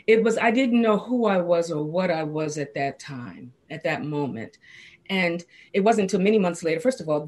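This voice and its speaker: A woman, a cancer survivor and studio guest, telling her personal story with lively, expressive delivery. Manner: expressive, acts out quoted dialogue with big pitch swings.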